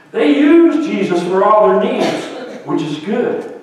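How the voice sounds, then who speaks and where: A male pastor preaching a lively sermon in a church, swinging between loud and hushed. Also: sits high, takes it slowly. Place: church sanctuary. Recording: echoey hall, voice from far off.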